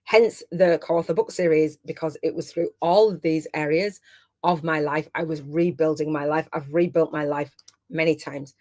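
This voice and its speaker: A woman's voice: deep voice, steady tone, normal speed, a little mellow. A middle-aged woman hosting a live online masterclass. She is heartfelt and chatty, and close to tears at times. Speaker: host and business coach.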